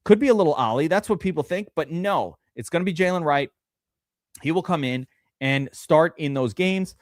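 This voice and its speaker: A man hosts a live-stream fantasy draft, rambling excitably and swearing as he goes. His voice sits somewhat high and swoops up and down a lot, and the sound is dry and close. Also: normal speed, no room sound. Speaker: streamer host.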